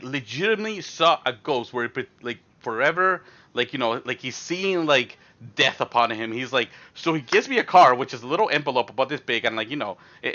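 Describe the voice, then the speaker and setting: A young man from Canada telling a high school story casually, with lots of fillers and restarts. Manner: rambling, animated, heavy fillers. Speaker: streamer. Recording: dull lo-fi stream mic.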